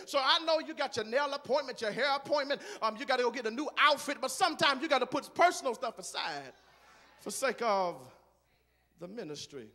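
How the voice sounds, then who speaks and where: A man preaching a sermon in a large church, moving from quiet talk to shouted, rhythmic preaching. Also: very high-pitched, animated, fairly quick, long reverb tail. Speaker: guest preacher.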